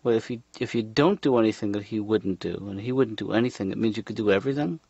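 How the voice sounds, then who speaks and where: A mumbling, deadpan cartoon therapist. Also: male voice, on the low side, fast talker, gravelly, breathy edge, no echo. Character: laid-back middle-aged male therapist. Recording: slightly dull lo-fi TV audio.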